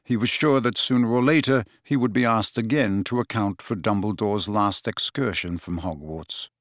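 A man narrating an audiobook in a measured, steady reading voice. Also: on the low side, no room sound, clean studio sound. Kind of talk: scripted narration.

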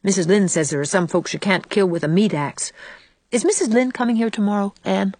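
A woman's voice: medium pitch, brisk, darkish tone, no echo, lightly acted. A woman reading aloud, voicing a sulky, defiant eight-year-old farm boy who talks bluntly. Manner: whiny, blunt country talk.

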